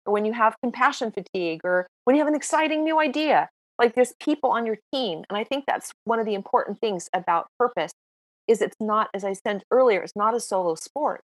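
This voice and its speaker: A woman in her sixties, a podcast guest telling stories in a casual, lively, self-mocking way. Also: on the high side, brisk, no echo. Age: 60s. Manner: lively, self-mocking storyteller who acts out dialogue. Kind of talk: casual interview storytelling.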